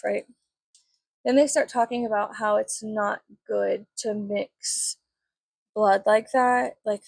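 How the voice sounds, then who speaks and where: A woman's voice: medium pitch, vocal fry, no room sound. A woman telling a story casually as she does her makeup, rambling with lots of fillers and frequent swearing. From Mexican family. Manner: chatty, swears often, filler-heavy, rambling. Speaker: vlogger.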